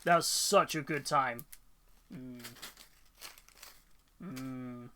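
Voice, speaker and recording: A man's voice: mid-range voice, extremely slow, pushed and bright, a little hiss or hum. A British man chatting casually on a live stream while painting miniatures, rambling and laughing often. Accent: British English. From United Kingdom.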